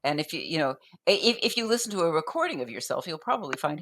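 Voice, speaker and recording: Low-voiced woman, chatty poetry explainer, lots of restarts and ums. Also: big pitch swings, fast talker, hardly any pauses, fairly bright tone, a little hiss or hum. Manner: thoughtful, with frequent restarts and fillers; taps out rhythms aloud as da-dum. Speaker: poetry guest explaining poetic form. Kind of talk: conversational explanation.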